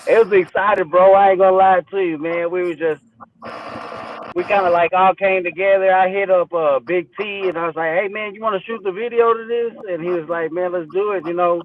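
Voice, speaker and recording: A man's voice: sits high, fairly even intonation, brisk, muffled recording. A man from Texas, a rapper guest, talking casually in an easygoing way with street slang. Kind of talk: casual interview.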